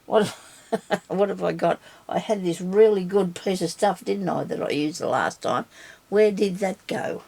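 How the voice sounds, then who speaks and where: A woman's voice: fairly low pitch, measured pace, gravelly, dark tone. A woman chatting casually as she crafts on camera, talking to herself and her viewers and teasing herself with small laughs. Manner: chatty, talks to herself and viewers while working. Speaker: crafter filming a tutorial.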